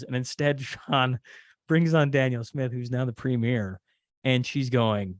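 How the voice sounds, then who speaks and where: A man's voice: mid-range voice, steady tone, a little slow, no echo. Man in dry casual chat. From Canada. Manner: rambling, many fillers and restarts. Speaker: podcast host, interview guest. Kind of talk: casual conversation.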